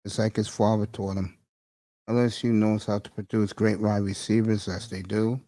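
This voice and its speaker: A middle-aged man hosts a morning talk show as a casual live stream, bantering loosely with listeners in slang and laughing often. His voice is lowish and dark in tone, with a flat delivery at normal speed.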